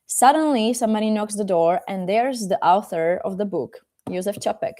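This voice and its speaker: A woman language teacher reading a children's story aloud in a live lesson, chatting casually and filling pauses with "like" and "uh.". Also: mid-range voice, warm tone. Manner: casual and chatty, with frequent fillers. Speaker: Czech teacher.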